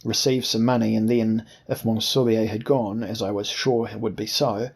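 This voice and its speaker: Husky-voiced male audiobook narrator. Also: on the low side, fairly even intonation. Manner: measured, formal storytelling. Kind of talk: scripted first-person narration.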